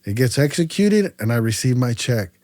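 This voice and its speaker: This man, from California's Central Valley, speaks at a moderate pace with a mid-range voice, recorded cleanly in a studio without echo. As a podcast guest he tells stories informally, voicing both parties with animation and frequently stumbling and repeating himself.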